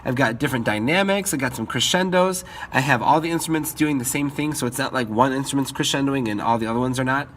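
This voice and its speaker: A man's voice: medium pitch, fast, few pauses, fairly bright tone, a little hiss or hum. A man teaching music composition in a screen-recorded tutorial, upbeat, stopping now and then to scat-sing the melodies.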